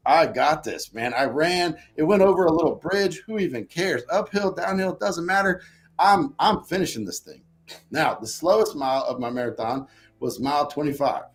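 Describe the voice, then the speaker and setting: A man with a fairly high voice tells a personal story in a casual interview. He talks in an animated way and acts out what he was thinking back then. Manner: animated, acts out his own past thoughts. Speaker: podcast guest.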